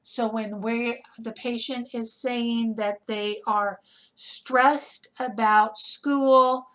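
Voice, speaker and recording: A woman teaches a nursing class in a recorded lecture. She speaks slowly and deliberately in a slightly high voice. She keeps it conversational, with rhetorical questions and a habitual "okay?" to check in with her students. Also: steady tone, a bit bright, poor audio. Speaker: nursing instructor.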